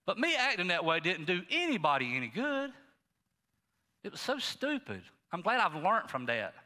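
A middle-aged male pastor preaching a sermon in a folksy, animated way, talking straight to the congregation. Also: high voice, moderate pace, in a large hall. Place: church sanctuary.

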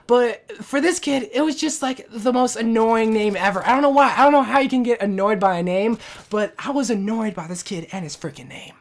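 A woman gaming commentator telling a storytime rant in a casual, slangy, animated way. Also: a little high.

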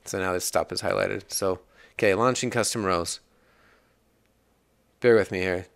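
A man's voice: deep voice, steady tone, normal speed, creaky, fairly bright tone, clear, resonant tone, dry recording. A man hosting a casual coding tutorial, chatting and rambling as he works, laughing at bugs along the way. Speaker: iOS developer tutorial host.

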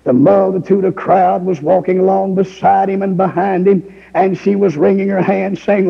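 Man preaching hard, folksy story, shouts a lot, super gravelly voice, old muffled hall recording. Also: high-pitched, fairly even intonation, normal speed, few pauses. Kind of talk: fiery revival sermon. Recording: lo-fi recording with long hall reverb.

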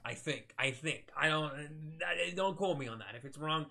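A man's voice: a little high, moderate pace, vocal fry, pushed and bright. A young man giving casual, rambling commentary while streaming a modded game, laughing often, swearing and yelping when startled. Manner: rambling and self-deprecating, laughs often, swears, yelps at scares.

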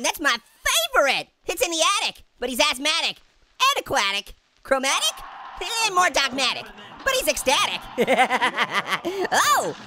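A man voicing a hyper, wisecracking talking orange as he comments on a game, with a sped-up, pitch-shifted voice, giggling and punning. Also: full character voice. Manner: giggly, punning, goofy taunts. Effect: sped-up high pitch-shifted voice. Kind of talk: let's play commentary. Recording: loud game music underneath. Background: game music.

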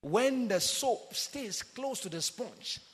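A man preaching a sermon with passion, swinging from sung, shouted emphasis down to quiet low asides. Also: animated, slow pace. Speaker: pastor. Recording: long hall reverb.

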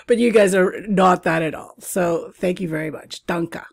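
A woman's voice: lowish voice, unhurried, gravelly, no echo, studio quality. A woman from Canada hosting her own travel podcast, talking in a chatty, casual way with frequent laughs and asides. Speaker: podcast host. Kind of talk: casual solo podcast chat.

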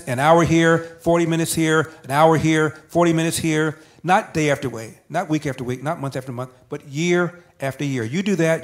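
A man telling a personal story as an interview guest, emphatic and building with repeated phrases. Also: a little high. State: emotional, near tears.

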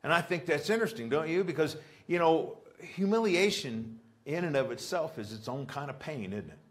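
A man's voice: fairly high pitch, expressive, normal speed. A male pastor, preaching a sermon and often asking the congregation rhetorical questions. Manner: acts out pleading prayers in a raised voice. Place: church.

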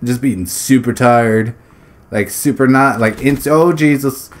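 A man's voice: medium pitch, measured pace, slight background noise. Rambling man commentating his gameplay. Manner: rambling, swears freely, laughs between phrases; blurts exclamations during play. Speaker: gaming YouTuber. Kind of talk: casual commentary over gameplay.

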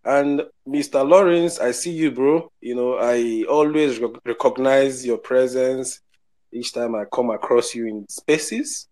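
A man's voice: mid-range voice, steady tone, a little slow, darkish tone. A man from Nigeria with a Nigerian accent, speaking in a casual live audio chat in an apologetic, rambling way full of restarts. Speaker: participant.

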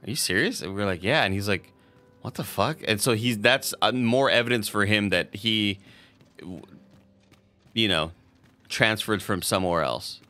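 A man's voice: on the low side, unhurried, pushed and bright, soft background music. A man streaming a video game, chatting casually to his viewers, swearing freely and laughing often. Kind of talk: casual gameplay commentary.

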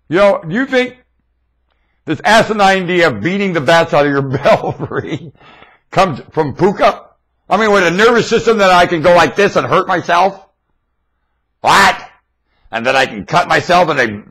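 A man talking into his webcam in a rambling monologue, theatrical and erratic, swinging from low mutters to excited shouts. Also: slightly rough. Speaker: self-styled webcam broadcaster.

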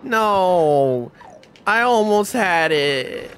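A man hosting a let's play, giving rambling, self-deprecating commentary with quick mumbled asides. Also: high-pitched, expressive, fairly bright tone, a little hiss or hum. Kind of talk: casual gameplay commentary.

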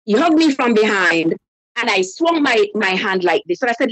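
A woman's voice: medium pitch, moderate pace, breathy edge, no room sound, rough recording. A woman telling a personal story on a call-in show, animatedly acting out the voices of the people in it. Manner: animated storyteller who acts out quoted voices. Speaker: caller.

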